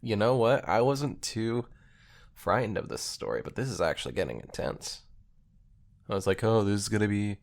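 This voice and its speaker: A man's voice: on the low side, animated, moderate pace, creaky. Exasperated man reacting on a podcast. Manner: reactive, exasperated groans and teasing. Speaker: podcast co-host. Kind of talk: casual comedic chat.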